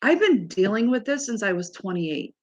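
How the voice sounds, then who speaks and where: A woman's voice: medium pitch, sing-song, normal speed. A woman in her fifties talking casually to her audience, telling exasperated stories in a chatty way. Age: 50s. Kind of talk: casual chat to a live audience.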